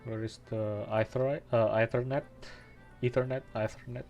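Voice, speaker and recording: A man's voice: medium pitch, level tone, moderate pace, darkish tone, highs cut off, soft background music. A man streaming a game, chatting casually and reading the text aloud with frequent self-corrections. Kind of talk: let's play commentary.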